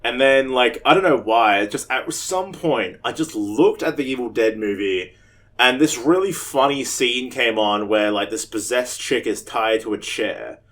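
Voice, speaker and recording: A man's voice: medium pitch, measured pace. A young Australian man telling a rambling, profane story on a casual podcast. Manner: rambling and profane, with loud animated quoted voices. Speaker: podcast co-host.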